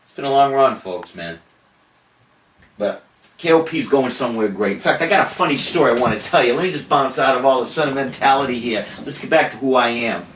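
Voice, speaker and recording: A man's voice: mid-range voice, fairly quick, fairly bright tone. Brief: older man spinning a brash, profane yarn, off-mic in an echoey room with faint hiss. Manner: boastful, profane, theatrical retelling. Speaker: cannabis activist giving a farewell video. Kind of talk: animated storytelling to an audience. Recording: roomy, distant mic, faint noise.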